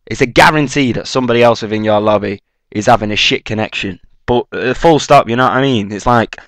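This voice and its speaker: A young man talks over his own gameplay in a loose, freestyle way. He rambles, swears freely and leans on fillers, and his voice sits at a middling pitch. The sound is dry and close, like a headset mic. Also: a bit bright, no echo. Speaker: gaming commentator. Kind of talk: casual freestyle game commentary.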